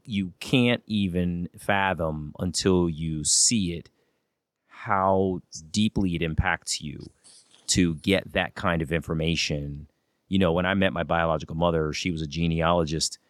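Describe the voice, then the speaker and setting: A man hosting an interview talks in a reflective, heartfelt manner. His voice is very deep, and the sound is dry and close. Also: dry recording. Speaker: host. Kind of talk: casual interview conversation.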